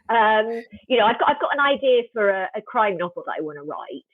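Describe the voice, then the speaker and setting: A woman's voice: on the high side, sing-song, brisk, no echo. A woman author speaking as an interview guest, thoughtful and wry, often restarting her sentences. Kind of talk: casual interview chat. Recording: tinny phone-like remote call line.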